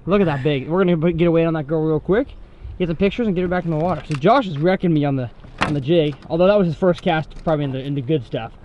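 A young man hosting a fishing vlog from a boat on a river, excitable, whooping and laughing. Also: a little high, fast talker, dull audio, a little hiss or hum. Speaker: fishing channel host.

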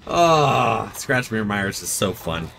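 This gaming streamer has a lowish, creaky voice and talks at a slow pace. Playing live with friends, he's excitable and keeps breaking into yelps and laughter.

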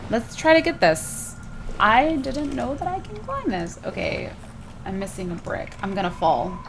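A woman's voice: mid-range voice, fairly bright tone, a little hiss or hum. Chatty woman narrating her gameplay. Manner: chatty, addresses viewers, exclaims in surprise. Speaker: gaming video host. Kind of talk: casual let's play commentary.

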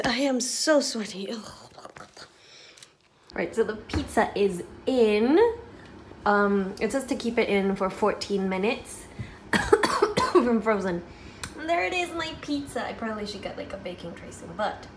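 A young woman in her twenties talking casually to camera in a vlog, chatty and excitable, full of fillers and little laughs, filmed on a phone in an empty flat with an echo. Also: medium pitch. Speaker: vlogger. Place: empty echoey flat indoors.

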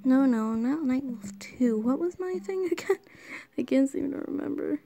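A woman giving casual, rambling commentary as she scrolls through posts, now and then dropping into quiet whispers. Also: high-pitched, animated, normal speed, gravelly, no echo. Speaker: channel host.

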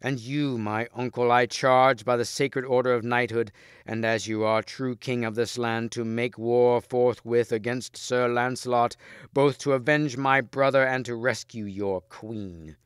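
A man's voice: mid-range voice, steady tone, measured pace, clear, resonant tone, dry recording, studio quality, close to an everyday voice. A man doing a bitter, vengeful knight. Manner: vehement, formal old speech.

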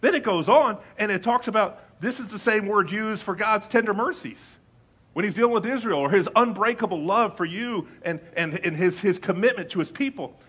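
A male pastor giving a conversational sermon with playful asides, reading scripture slowly and deliberately. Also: sits high, fairly bright tone, slightly rough.

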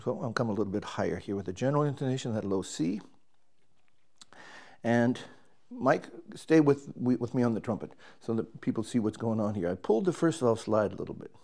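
A man's voice: mid-range voice, expressive, fairly quick, vocal fry, a little mellow. A man, a trumpet player, casually explaining and demonstrating his instrument, thinking aloud as he works and restarting his sentences.

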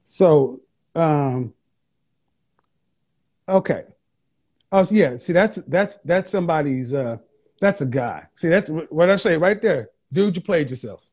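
A man with a high-pitched voice hosts a casual livestream. He reads comments from his viewers aloud and answers them with mocking sarcasm. He hammers home his jokes by repeating them. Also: animated, a little slow, pauses often, darkish tone, husky. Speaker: livestream host.

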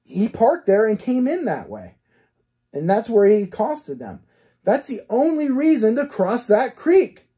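A man with a husky, mellow, darkish voice, speaking as a cold case detective. He reasons through the case one point at a time. He poses rhetorical questions and answers them, and tags his points with a firm "okay?". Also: very high-pitched, sing-song, a little slow. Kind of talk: case analysis commentary.

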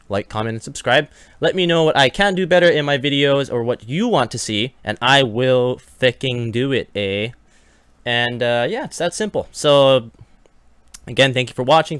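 A man hosting his own gaming channel, giving casual, excitable commentary over a naval battle game and swearing freely as he talks to the enemy. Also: mid-range voice, clean tone, dry recording. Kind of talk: live gameplay commentary.

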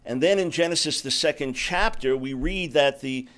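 A man's voice: a little high, normal speed, fairly bright tone. A man giving a public lecture as a radio host, earnest and emphatic, often repeating words as he starts a phrase. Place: lecture before an audience.

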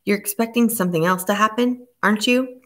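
A woman reading an audiobook, voicing a stubborn teenage girl who pleads and then insists in a shrill, raised voice. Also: fairly quick, close to an everyday voice. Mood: anxious.

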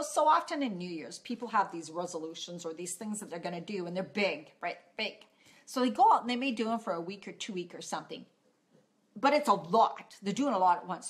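Upbeat lady health coach, emphatic and repeats stuff, phone vid. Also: medium pitch. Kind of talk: motivational vlog talk.

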